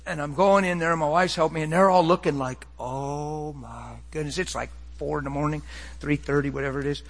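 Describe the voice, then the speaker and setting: A middle-aged man preaching a personal testimony, swinging between hushed, quiet passages and excited, impassioned bursts. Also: fairly high pitch, quick pace, in a large hall. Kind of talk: sermon testimony.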